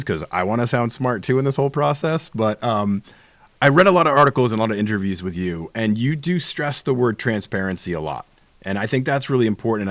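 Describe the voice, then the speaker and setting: A man's voice: fairly low pitch, no echo. A man hosting an interview, asking long, rambling, enthusiastic questions. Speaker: interview host. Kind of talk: casual interview conversation.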